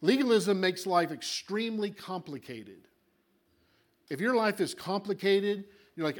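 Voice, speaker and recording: Preaching a sermon, a man with a high-pitched voice delivers it in an animated way at normal speed. He acts out little voices and swings between loud and quiet.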